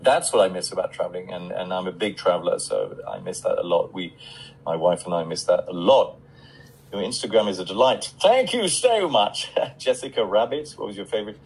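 A man's voice: low voice, sing-song, brisk, creaky, darkish tone, breathy edge, poor audio. A middle-aged man on a casual live stream, reading out fan questions and answering them in a chatty way with many fillers.

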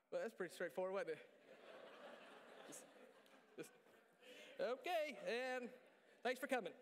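A male pastor preaching a sermon in a church, joking and animated, poking fun at himself. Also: sits high. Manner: joking, animated, self-deprecating. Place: church sanctuary. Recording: reverberant church hall.

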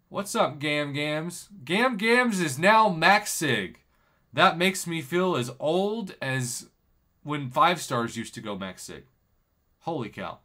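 Excitable male game streamer. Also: medium pitch. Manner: excitable, laughing, reads chat aloud. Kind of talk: casual live-stream gaming chat.

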